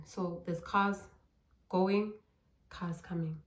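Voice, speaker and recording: A woman's voice: lowish voice, normal speed, roomy sound. A South African woman telling a personal story for her vlog, acting out what she and others said. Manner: animated storytelling, acting out her own past lines. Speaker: YouTuber.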